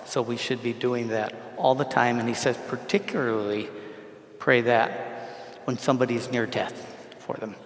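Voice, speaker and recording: A man's voice: medium pitch, steady tone, moderate pace. A male priest giving an informal homily at Mass, talking conversationally, repeating himself and asking the congregation questions. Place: large church. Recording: echoey church with long reverb.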